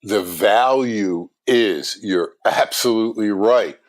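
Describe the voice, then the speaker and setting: A middle-aged man, a guest on a business talk show, telling a story in conversation with animated delivery. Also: fairly low pitch, slow. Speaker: guest speaker on customer experience.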